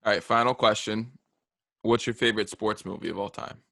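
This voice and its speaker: A man's voice: on the low side, a little fast, creaky, pushed and bright, no echo, studio quality. A young man hosting a casual interview, asking brief, easygoing questions. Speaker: podcast host.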